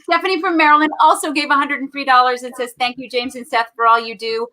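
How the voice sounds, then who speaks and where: Woman guest, bright and ringing, slightly high, reads viewer notes playfully on a video call. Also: fairly even intonation, quick pace. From Massachusetts. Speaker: guest reading viewer donations. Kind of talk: casual video call chat.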